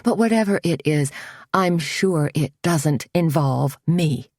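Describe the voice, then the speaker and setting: A caustic, haughty boutique owner who huffs and snaps her lines, as a woman reading the story puts her on. Her voice sits low and the pace is slow. The recording is close and dry. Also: animated, a little mellow, no echo, full character voice. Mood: huffy. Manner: huffy, curt.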